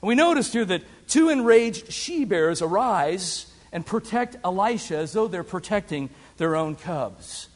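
Preacher guy, high lively voice, big echoey hall. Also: unhurried, few pauses. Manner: dramatic preaching with big swings in pitch and loudness. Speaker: pastor. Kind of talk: sermon. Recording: long hall reverb.

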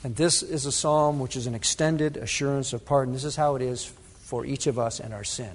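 A male pastor preaching a sermon to his congregation, dramatic, swinging between loud emphasis and hushed asides. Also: mid-range voice, steady tone, a little fast, breathy edge. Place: church sanctuary. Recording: reverberant church hall.

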